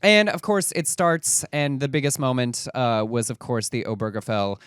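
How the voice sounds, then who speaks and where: A man's voice: mid-range voice, normal speed, clean tone, no echo, studio quality. A man co-hosting a casual talk show, reading news stories and riffing on them wryly. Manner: expressive and wry, reads news then riffs. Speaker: co-host. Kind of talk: casual chat.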